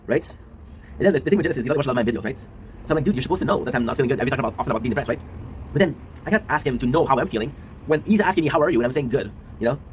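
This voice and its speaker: A worn-out man in his twenties unloads in a quick, rambling confessional monologue and keeps tagging his lines with a question. His words spill out at a breakneck pace and he swears as he goes. A faint background noise sits under the voice. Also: medium pitch, expressive, poor audio. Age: 20s. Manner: rambling, often adds a tag question and swears. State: low and worn out. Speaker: streamer and video creator.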